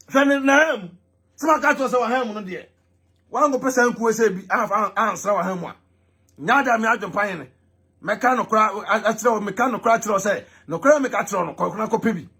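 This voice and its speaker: A man ranting loudly as a vlog host, repeating himself and mocking. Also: very high-pitched, expressive, brisk. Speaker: vlogger host. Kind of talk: animated ranting commentary.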